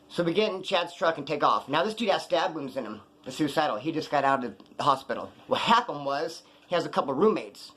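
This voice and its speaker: Fast-talking, profane streetwise man. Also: on the high side, expressive, fairly bright tone. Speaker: storyteller. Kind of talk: casual storytelling monologue.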